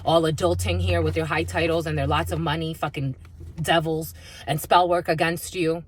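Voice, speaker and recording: A woman's voice: low-pitched, little pitch movement, normal speed, slightly rough. A woman giving an intuitive spiritual reading to her viewers, blunt and heavily profane as she rants. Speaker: spiritual reader.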